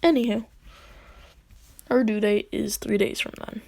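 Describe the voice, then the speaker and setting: A woman narrates a fan-made story in a casual, rambling way, often dropping to a whisper. Her voice is slow and husky with a gravelly edge. The sound is dry and close. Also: fairly high pitch, fairly even intonation, warm tone, dry recording.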